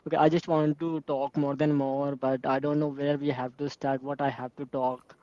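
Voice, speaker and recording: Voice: mid-range voice, level tone, warm tone. Hesitant learner, dull line. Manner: hesitant, halting, with grammar slips. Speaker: English learner in a hotel job. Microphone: video call.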